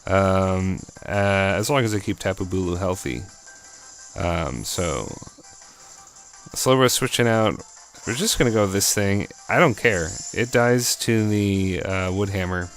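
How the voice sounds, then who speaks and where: A man casually commentating his own video game battle in an excitable, chatty, jokey way. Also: deep voice, unhurried, faint music behind.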